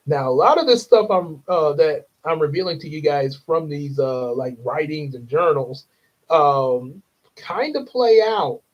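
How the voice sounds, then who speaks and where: A man's voice: a little high, expressive, unhurried. A young man, hosting a casual livestream, rambling with frequent chuckles and fillers. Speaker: livestream host. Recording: dull lo-fi stream audio.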